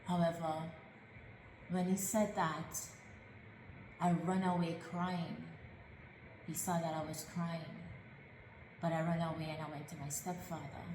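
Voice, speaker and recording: Low-voiced woman telling her life story. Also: flat delivery, measured pace, long pauses, darkish tone, echoey room, big-room sound, slight background noise, poor audio. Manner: earnest, emotional, reflective. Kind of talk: personal life story narration.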